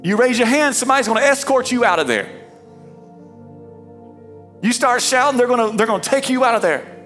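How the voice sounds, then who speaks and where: High animated pastor preaching hard, bright voice, some faint music behind. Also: fairly quick. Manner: emphatic, dramatic, fervent. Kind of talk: energetic sermon.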